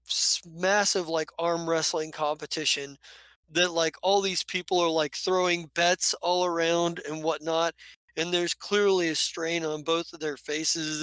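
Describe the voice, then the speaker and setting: A man running a tabletop game as game master, describing scenes in a loose, rambling way. His voice is bright and clear, a little raised in pitch, and recorded dry and close. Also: dry recording.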